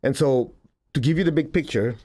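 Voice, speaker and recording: Male spiritual teacher, mellow voice, chatty delivery that acts out quotes. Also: medium pitch, a little fast, husky. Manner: conversational, laughs often, acts out quotes. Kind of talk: casual spiritual talk to an audience.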